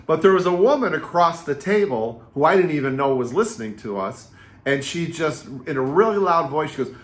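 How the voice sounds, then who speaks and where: A man in his fifties, a real estate agent and coach, giving casual advice straight to camera and telling stories in a lively, repetitive way. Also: on the high side, moderate pace. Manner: energetic, chatty storyteller with repetitive phrasing. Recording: roomy echo.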